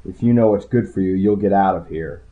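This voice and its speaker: Man putting on a husky sneering gangster, slow, tinny sound. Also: deep voice, warm tone, close to an everyday voice. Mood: threatening. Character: oily, menacing male hoodlum partner.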